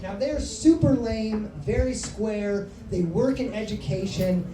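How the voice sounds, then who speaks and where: A woman in her thirties tells a stand-up story with brash, profane swagger. Her tone is mellow and soft-edged. She is heard from a distance in a roomy comedy club, with a faint hum of the room behind her. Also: medium pitch. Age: 30s.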